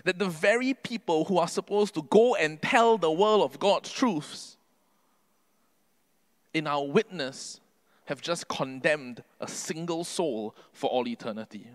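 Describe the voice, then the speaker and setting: A man preaching a sermon earnestly, building to emphatic peaks and then dropping his voice low. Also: unhurried. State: can't sing due to covid.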